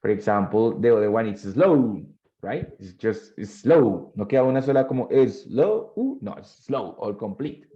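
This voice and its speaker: A man's voice: on the low side, normal speed, dark tone, lo-fi sound. A male English teacher, giving a bilingual classroom lesson and quizzing his students. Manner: switches between English and Spanish, quizzes students.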